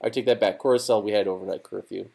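A young man co-hosting a podcast, telling stories in a relaxed way, chuckling and filling with likes and you knows. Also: fairly low pitch, fast talker, gravelly. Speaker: podcast co-host. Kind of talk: casual chat.

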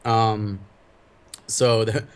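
A man co-hosting a podcast who tells rowdy stories in a loud, giggly, casual chat. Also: on the low side, little pitch movement, very slow, smooth. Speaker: podcast co-host.

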